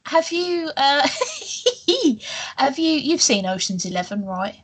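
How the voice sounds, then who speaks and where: A woman's voice: sits high, big pitch swings, takes it slowly. A woman co-hosting a podcast, chatting casually, laughing often and swearing freely. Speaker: podcast co-host. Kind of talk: casual chat.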